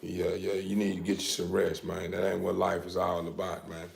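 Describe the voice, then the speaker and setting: Homem falando devagar e repetindo muito, voz um pouco grave, sala com eco e leve ruído. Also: male voice, sits low, completely flat delivery, normal speed, gravelly, reverberant, a little hiss or hum. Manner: rambling, repetitive, laughing, addressing viewers. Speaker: dog breeder livestreaming. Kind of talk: casual livestream chat.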